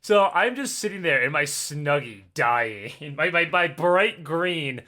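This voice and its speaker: A man in his thirties telling a long story in casual podcast chat, swearing and laughing as he goes, his voice still hoarse and cracking. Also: on the high side, lively intonation, slow, sharp tone. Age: 30s. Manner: rambling storyteller, laughs often, swears freely. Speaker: podcast co-host.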